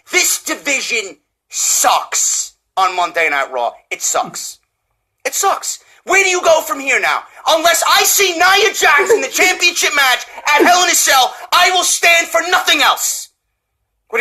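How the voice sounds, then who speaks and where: Loud, swearing New York man ranting. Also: very high voice. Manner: swearing, often shouting, mocking. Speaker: wrestling reviewer. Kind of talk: profane comedic rant.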